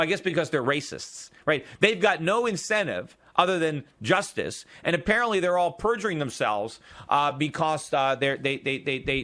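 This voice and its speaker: A man's voice: on the high side, sharp tone. Emphatic argumentative talk radio man. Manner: argumentative and emphatic, with frequent restarts and filler "uh". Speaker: radio talk show host. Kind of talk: opinionated political monologue.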